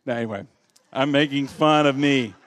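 A middle-aged man from the American South, a pastor giving a jokey, animated sermon and acting out quoted voices. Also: medium pitch, normal speed. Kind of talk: humorous sermon.

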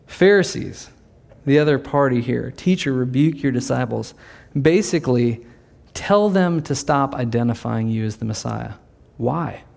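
A man's voice: medium pitch, animated, measured pace, creaky, darkish tone. A man preaching a sermon in a conversational way, sometimes acting out the voices of the people in his story. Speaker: pastor.

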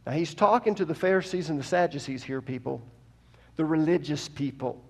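In this sermon, a male preacher moves from quiet teaching into loud, impassioned preaching, putting questions to the congregation. His voice is a little high and his delivery brisk.

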